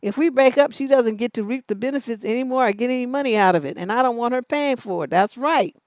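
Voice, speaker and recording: A woman's voice: a little high, fast talker, no echo. A middle-aged woman hosting a live advice show, telling stories bluntly and profanely, then reading out viewer questions. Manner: blunt, profane, animated storytelling with laughs.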